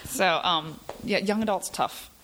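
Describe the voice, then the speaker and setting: A woman's voice: mid-range voice, measured pace, fairly bright tone, slight background noise, low-quality recording. A woman author chatting casually, acting out little quoted exchanges as she talks. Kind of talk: casual chat.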